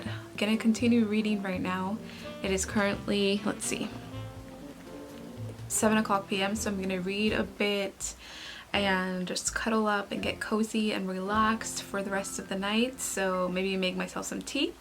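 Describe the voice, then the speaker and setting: Music plays behind this young woman as she vlogs to her viewers at a measured pace, her mid-range voice fairly even in intonation. Her casual talk to camera is chatty and sincere, with frequent fillers and corrections of herself.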